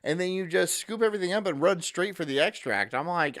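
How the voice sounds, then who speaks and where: Relaxed male streamer reading chat, teasing, lively and bright. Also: high voice, fairly quick. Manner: laid-back, teasing, reads out chat messages. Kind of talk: casual live-stream chat.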